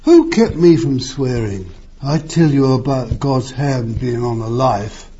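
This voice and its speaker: Older preacher, lively pitch, husky. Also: male voice, slow pace. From East End of London. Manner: emphatic, rhetorical questions, wide swings in pitch. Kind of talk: sermon. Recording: muffled lo-fi sermon recording.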